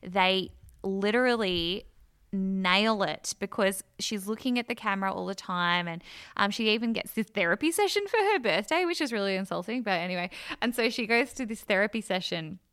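An animated woman co-host chatting about a show, acting out scenes as she retells them. Her voice is bright and clear, in a dry, close room. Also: mid-range voice, normal speed, no echo. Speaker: podcast co-host. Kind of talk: casual chat reviewing a TV show.

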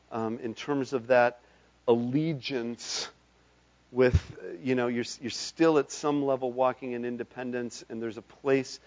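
Male pastor for an altar call and benediction: fervent, building to loud impassioned calls, mid-pitched voice on a dull lo-fi recording. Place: church sanctuary.

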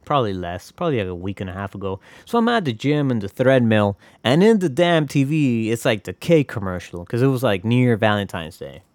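A man's voice: mid-range voice, sing-song, brisk, few pauses, a little mellow, dry recording. A man hosting his own podcast, talking in a rambling, casual way with lots of swearing and jokey asides. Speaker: podcast host. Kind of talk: casual solo podcast monologue.

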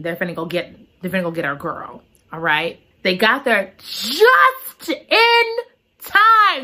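Woman, bright forceful voice, casual story recap, dramatic, slangy, exclamatory. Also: fairly low pitch. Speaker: book recap vlogger.

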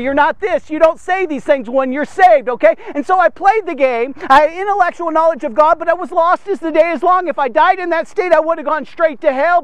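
A fervent male preacher with a very high-pitched voice delivers a devotional sermon straight to his listeners. His speech is emphatic and urging. The sound is close and dry, with no room around it. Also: no echo. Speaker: preacher and podcast host.

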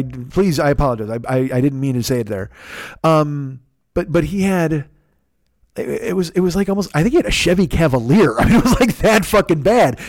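A man's voice: fairly high pitch, darkish tone, no echo, studio quality. A man hosting a podcast, telling a comic story in a profane, exasperated way. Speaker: podcast host. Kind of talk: comedic storytelling.

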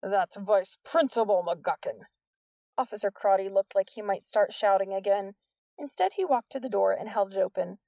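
A woman narrating an audiobook in an even storytelling read. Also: mid-range voice, brisk, gravelly, no room sound, recorded from a distance.

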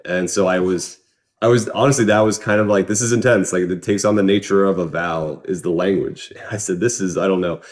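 Low-voiced man telling stories on a podcast. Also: fairly even intonation, fairly quick. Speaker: podcast co-host. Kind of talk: casual chat.

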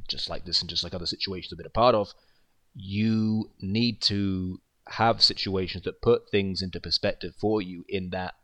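A man with a lowish voice gives a loose, heartfelt spoken tribute. He wanders from story to story, often dropping to a quiet trail at the ends of his thoughts. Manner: rambling storyteller, trails off softly. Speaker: creator of an online wrestling show.

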